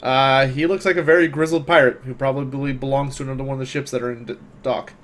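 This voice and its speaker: A man narrating a tabletop role-playing game as game master, in a relaxed way with frequent hesitations. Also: mid-range voice, fast talker.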